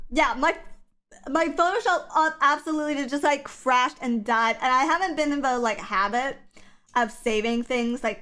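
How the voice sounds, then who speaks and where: A woman chatting on a livestream, her voice scratchy and a little rough from the early hour. She rambles casually, stringing thoughts together with plenty of fillers. Her voice sits somewhat high for a woman. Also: sharp tone. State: scratchy morning voice. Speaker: streamer.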